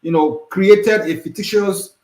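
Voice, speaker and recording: A man's voice: sits high, unhurried, darkish tone. A man, a guest expert, explaining things patiently in an interview and often adding "you know" and "yeah". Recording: echoey room.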